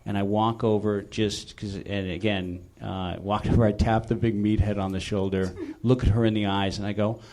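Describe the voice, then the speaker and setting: A man hosting a live comedy show, telling a story with an animated delivery that jumps into loud high-pitched shouting. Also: moderate pace, few pauses. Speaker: comedian host. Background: audience laughter and noise.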